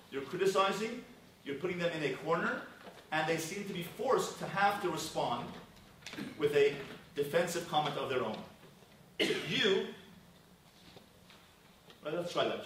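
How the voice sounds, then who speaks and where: A man's voice: a little high, fairly bright tone. A man teaching a marriage class as a rabbi, questioning and prompting his audience in an interactive lecture. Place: large synagogue hall with a packed audience. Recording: echoey hall from far off, audience noise.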